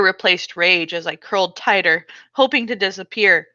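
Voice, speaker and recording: A woman author reads aloud from her memoir in an expressive, dramatic way. Her voice is bright and crisp, recorded close and dry. The recording sounds slightly dull and muffled. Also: lowish voice, moderate pace, hardly any pauses, dry recording.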